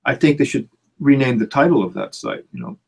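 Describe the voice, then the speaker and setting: A man's voice: vocal fry, husky. A middle-aged man, a songwriter and producer, talking casually about songwriting, often repeating his words as he starts sentences over. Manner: halting, repeats words, lively swings in pitch. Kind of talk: casual chat.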